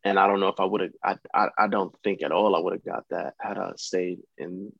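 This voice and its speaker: A young American man, an actor, chatting as a guest in a relaxed, rambling way with many fillers. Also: deep voice, a little fast, creaky, no room sound, lo-fi sound. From United States. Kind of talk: casual interview chat.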